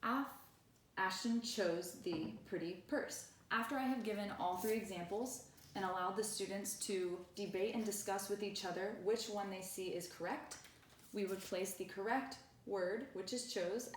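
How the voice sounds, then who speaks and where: A woman teacher walking through a grammar lesson, reading example sentences slowly and deliberately. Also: mid-range voice, a little hiss or hum. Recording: echoey room, voice far from the mic.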